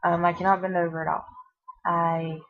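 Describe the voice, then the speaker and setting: Breathless, rambling low-voiced pregnant woman. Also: level tone, moderate pace. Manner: chatty, rambling, many fillers and restarts. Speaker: vlogger. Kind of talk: casual pregnancy update vlog. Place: at home, seated. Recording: dull lo-fi home video audio.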